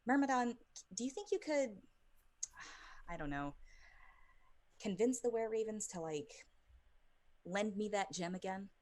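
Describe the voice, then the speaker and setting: A woman voicing an anxious female ally in a tabletop game, asking for help in a halting way. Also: medium pitch, animated, darkish tone, pitched above the performer's own voice. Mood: worried.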